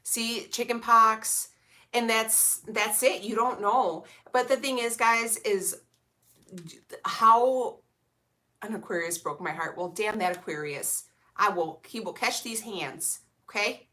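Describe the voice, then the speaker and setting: Bright-voiced sassy young woman vlogger. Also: fairly high pitch, slow pace. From Illinois, USA. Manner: sassy, blunt, lots of slang and swearing. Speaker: vlogger reading live chat. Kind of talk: casual live-stream chat.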